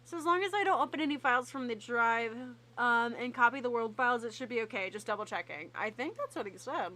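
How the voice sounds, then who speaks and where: A woman's voice: a little high, expressive, fast, pushed and bright. A young woman chatting playfully with friends while streaming a game. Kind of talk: casual gaming stream chat.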